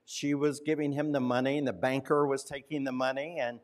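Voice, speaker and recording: A male pastor telling a story in a sermon, conversational, slowing down and dropping to a hush at key points. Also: mid-range voice, flat delivery.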